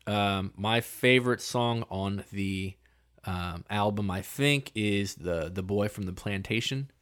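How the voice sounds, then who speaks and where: Low-voiced rambling male music podcaster. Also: slow, fairly bright tone, clean tone. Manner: loose and rambling, many fillers and restarts. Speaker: podcast co-host. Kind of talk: casual music review chat.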